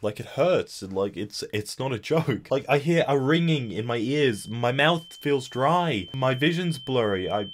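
A young man doing sarcastic meme commentary. His pitch swings a lot as he mocks each joke, sometimes bursting out loud. The delivery is animated and full of put-on voices. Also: measured pace, hardly any pauses, slight background noise. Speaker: comedy commentary host.

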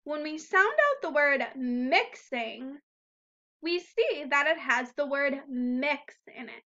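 Slow, bright-voiced woman teaching phonics. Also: high voice, animated, highs cut off. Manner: slow, deliberate, sounding out words and syllables. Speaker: first-grade teacher. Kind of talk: recorded phonics lesson for young children.

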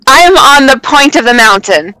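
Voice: high voice, big pitch swings, normal speed, sharp tone, low-quality recording. A player in a tabletop roleplaying game, playful and laughing often, making bold jokes. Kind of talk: casual tabletop play.

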